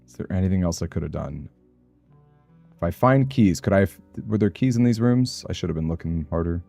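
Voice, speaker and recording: A man's voice: deep voice, expressive, fairly quick, gravelly, dark tone, faint music behind. A man playing a video game and thinking aloud, anxious and muttering to himself as he plans his moves. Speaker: gaming streamer. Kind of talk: let's play commentary.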